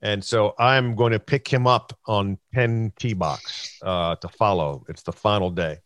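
A man's voice: lowish voice, a little slow, a bit bright, dry recording. A middle-aged man hosting a golf chat show, telling a long story with quoted voices and plenty of fillers. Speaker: host.

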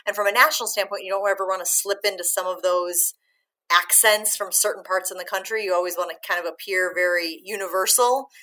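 A woman's voice: medium pitch, fairly even intonation, fairly quick, pushed and bright, rough recording. A woman in her thirties with a Midwestern American accent, a sports reporter talking frankly in an interview with lots of fillers. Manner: chatty, frank, laughs easily, many fillers. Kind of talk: candid interview answers.

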